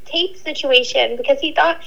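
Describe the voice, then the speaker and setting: Young female co-host, high and bright, easygoing and chatty. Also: normal speed, gravelly, muffled recording. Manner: chatty, agreeable, says "literally" a lot. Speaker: podcast co-host. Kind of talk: casual chat.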